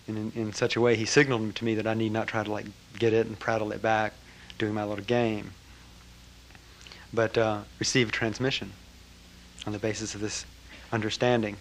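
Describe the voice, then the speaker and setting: An older man with a low-set voice recounts a personal story to a gathering. He speaks reflectively and a little haltingly, pausing and restarting as he remembers, with a faint hum of the room behind him. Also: low-quality recording. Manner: reflective, halting, with lively acted-out quotes. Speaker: speaker recounting a spiritual teacher.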